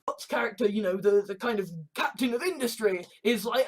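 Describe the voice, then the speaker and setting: A woman's voice: a little high, brisk, breathy edge. A woman vlogging, ranting bluntly and swearing constantly as she comments. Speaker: video blogger.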